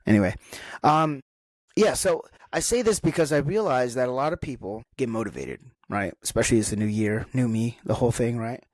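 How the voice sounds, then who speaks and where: A young man hosts a casual solo podcast, rambling frankly and reflecting on himself with lots of fillers and restarts. His mid-range voice has lively intonation and a fairly quick pace, captured in a dry, clean studio recording.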